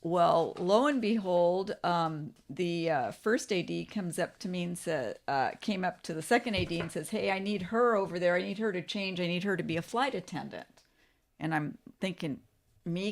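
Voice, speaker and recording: A woman's voice: fairly low pitch, normal speed, gravelly. A middle-aged woman, a background actor, chattily telling a story in a casual conversation. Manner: chatty, laughs while telling.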